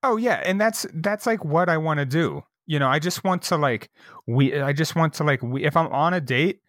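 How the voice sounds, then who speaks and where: A man's voice: fairly high pitch, moderate pace, a bit bright, no room sound, studio quality. A young man co-hosting a podcast, telling crude stories in a rambling, casual way with many restarts. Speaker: podcast co-host. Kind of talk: casual chat.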